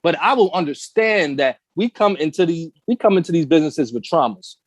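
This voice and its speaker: A man talking in a blunt, slangy, impassioned way, his pitch leaping up and down as he drives his points home. The sound is dry and close, with no room around him. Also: a little fast, dry recording. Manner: animated, emphatic storytelling with rhetorical questions. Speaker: podcast co-host. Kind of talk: casual discussion.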